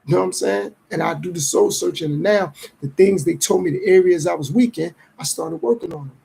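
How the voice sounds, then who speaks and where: Casting: male podcast host, middle-aged, high-pitched, dark and raspy tone, streetwise musing. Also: rough recording. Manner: reflective, streetwise, acts out others' lines in quick voices. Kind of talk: casual podcast monologue.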